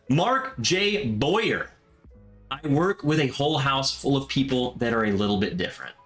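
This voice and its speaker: Man, livestream host, jokey and chatty, mid pitch, faint music behind. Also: expressive, a little slow, pauses often, a bit bright. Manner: joking, talks over his co-host, reads chat aloud. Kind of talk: casual livestream chat.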